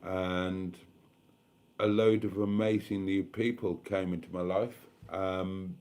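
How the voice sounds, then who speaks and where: A man hosting a late-night live stream, tired and a little tipsy, talking slowly and emotionally as he thanks his viewers. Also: low voice, fairly even intonation, darkish tone.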